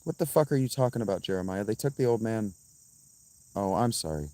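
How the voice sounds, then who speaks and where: A man livestreaming outdoors and answering his chat in a profane, combative, quick-tempered way. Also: lowish voice, expressive, dark tone, dry recording. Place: outdoors by a fountain.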